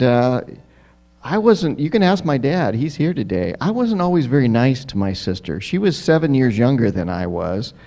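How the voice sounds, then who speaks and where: A pastor giving a children's story in a church. He is lively and keeps asking the children questions. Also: mid-range voice. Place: church sanctuary.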